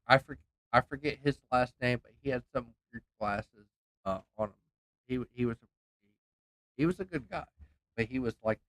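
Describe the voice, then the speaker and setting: A man's voice: medium pitch, fairly bright tone, no room sound. Heated, swearing man on a dry mic. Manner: profane, heated, rambling with restarts. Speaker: game streamer. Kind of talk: casual ranting story while gaming.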